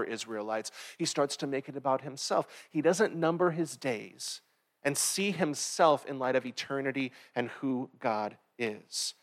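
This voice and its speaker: A man's voice: medium pitch, expressive, normal speed. A man preaching a sermon in a conversational way, often checking in with "right?" and acting out brief quotes. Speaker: pastor.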